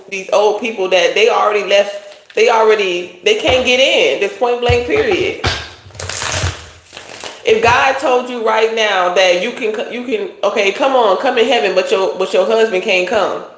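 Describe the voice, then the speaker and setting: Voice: medium pitch, moderate pace, a bit bright. A tarot reader giving a casual livestream reading, talking bluntly in profane slang. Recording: roomy echo.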